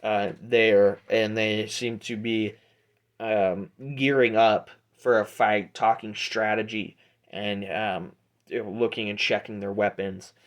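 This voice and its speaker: A man's voice: fairly low pitch, steady tone. Man, game master, casual narration, hesitant, frequent restarts. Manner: halting, many fillers and restarts.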